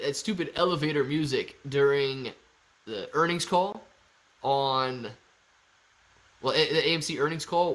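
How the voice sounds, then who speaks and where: Hyped up guy on a live stream, kinda high voice, laughing and rambling to chat. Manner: excitable, chatty, laughs often. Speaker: livestream host reading chat.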